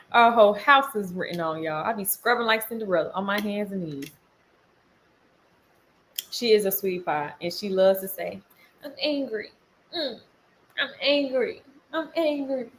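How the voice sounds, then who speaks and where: A young woman and mother chatting casually with viewers on a livestream, animated and laughing often, breaking off to tell her toddlers off. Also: mid-range voice, a little slow, long pauses, a little hiss or hum. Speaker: mom vlogger on a livestream.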